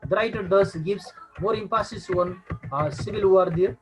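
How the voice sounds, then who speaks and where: A man's voice: high-pitched, moderate pace, faint music behind, rough recording. A man with a Nepali accent teaching a recorded English lesson, hesitant and full of filler sounds.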